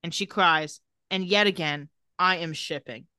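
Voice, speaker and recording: Bright-voiced woman recapping a show. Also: on the low side, unhurried, smooth, no room sound, studio quality. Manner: narrates scenes, quoting characters. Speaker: podcast co-host. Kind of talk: casual recap chat.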